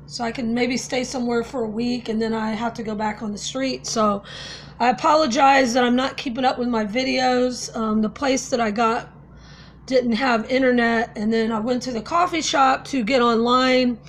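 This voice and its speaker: A woman's voice: on the high side, fairly even intonation, moderate pace, slight background noise. A woman talking casually to camera in a vlog, telling a story in a conversational, earnest way. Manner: conversational, with fillers and restarts, earnest. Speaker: vlogger.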